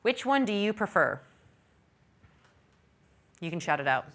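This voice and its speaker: A middle-aged woman giving a technical conference talk, chatty and self-deprecating, with quick apologetic asides. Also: medium pitch, sing-song, fairly bright tone. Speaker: conference speaker.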